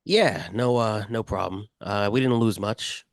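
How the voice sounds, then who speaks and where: A man's voice: fairly low pitch, unhurried, dry recording, studio quality. A man playing a tabletop game, easygoing and casual. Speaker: player.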